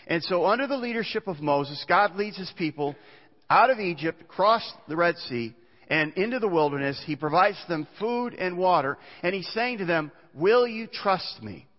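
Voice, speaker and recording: A man's voice: high voice, lively intonation, normal speed. Man preaching in a reverberant church. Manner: earnest preaching, reads scripture aloud, small restarts. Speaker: pastor. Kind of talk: sermon. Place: church sanctuary. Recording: muffled church recording with long reverb.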